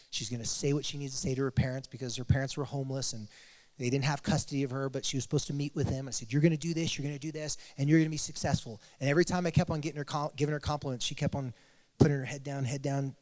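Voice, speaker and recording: A man, a therapist and podcast host, telling a story to a live audience in an animated way, acting out the voices of the people he quotes. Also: medium pitch, fast. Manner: animated, acts out quoted voices with big swings. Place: live event hall. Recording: long hall reverb.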